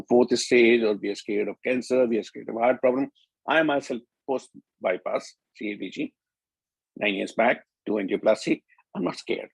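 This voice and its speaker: A man's voice: mid-range voice, creaky, husky, no echo, poor audio. An older man with an Indian English accent, giving an emphatic, explanatory talk as a doctor on a conference panel.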